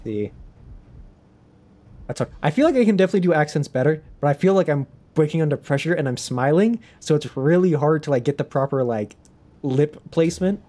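A man's voice: on the high side, animated, fairly quick, dark tone. A young man streaming a video game, chatting casually in a rambling, self-conscious way. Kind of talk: casual livestream chat.

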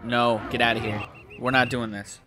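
A young man commentating his own video game play, swearing and shouting at the game in bursts. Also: mid-range voice, moderate pace, noisy background. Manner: excitable, profane, yells at the game. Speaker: gaming YouTuber.

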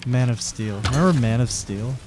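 A man's voice: mid-range voice, normal speed. A man from Canada co-hosting a let's-play, chatting casually and joking as he plays. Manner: joking, rambling, laughs often. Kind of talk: casual gameplay chat.

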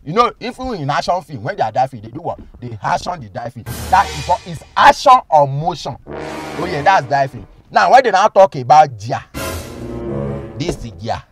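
A man's voice: on the high side, big pitch swings, moderate pace, music in the background. A man with a Nigerian accent playing a boastful comic driving instructor in a comedy skit, mixing pidgin and English and laughing often.

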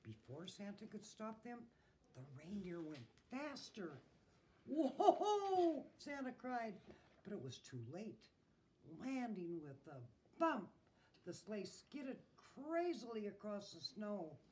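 A woman's voice: medium pitch, slow pace. A woman, a teacher, reading a picture book aloud to children and asking them questions. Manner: expressive, asks the listeners questions.

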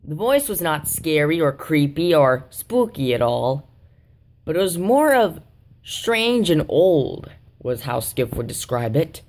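A woman narrating a homemade toy train story softly, with small restarts. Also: deep voice.

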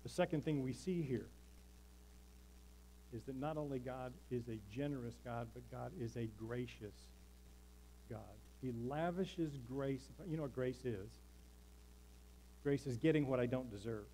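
A man preaching from the pulpit of a church. He is emphatic and rhythmic and leans on repeated lines. He calls out to the congregation for an answer. His voice sits at an ordinary middle pitch for a man. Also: measured pace, pauses often, mellow, slight background noise, poor audio. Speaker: pastor. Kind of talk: sermon. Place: church sanctuary.

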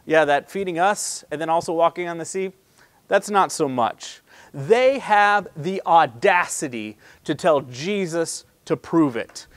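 Raised-pitch pastor, dry close sound. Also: male voice, animated, measured pace, dry recording. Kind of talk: sermon.

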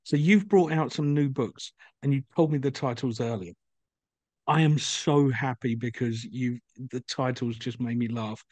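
A man's voice: mid-range voice, a little slow, darkish tone, dry recording. A man hosting a casual interview, reacting with short enthusiastic remarks and leading the questions. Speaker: podcast host.

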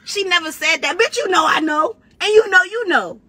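A woman battle rapper in a brash, profane, trash-talking rant, talking casually and quickly. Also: very high voice, animated, bright, forceful tone, no room sound. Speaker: battle rapper giving commentary.

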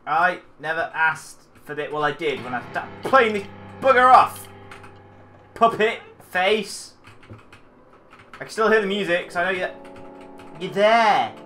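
Jumpy let's player, talks back to the game, unhurried, voice leaps up and down. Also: medium pitch, big pitch swings, bright, forceful tone, faint music behind. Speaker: gamer playing a horror game. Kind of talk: let's play commentary.

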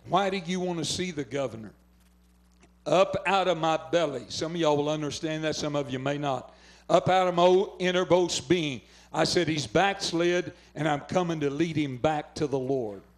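Older oklahoma preacher, fervent revival sermon, kinda high-pitched. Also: male voice. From southwestern Oklahoma. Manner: fervent preaching, urging callers to phone in. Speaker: pastor. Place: revival tent.

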